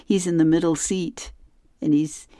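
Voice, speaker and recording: A man reading the funny pages aloud at a very slow pace, gently explaining each joke and chuckling along. The sound is close and very dry, with no room. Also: a little high, fairly even intonation, clear, resonant tone, no room sound. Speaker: reader of advice column and comics. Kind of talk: reading newspaper comics aloud.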